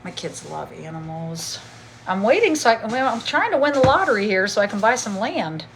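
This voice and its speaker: Walking around her house as she cleans, a woman in her forties hosts a casual livestream on her phone without video. Her medium-pitched voice is very animated and brisk, slightly breathless, and she skips from story to story over background noise.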